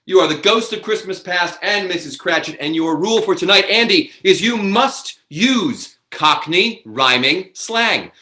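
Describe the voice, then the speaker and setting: Man, comedy show host, theatrical announcer patter, animated delivery, slightly high voice. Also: unhurried, few pauses, echoey room. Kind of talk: live emcee announcing cast and rules. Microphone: video call.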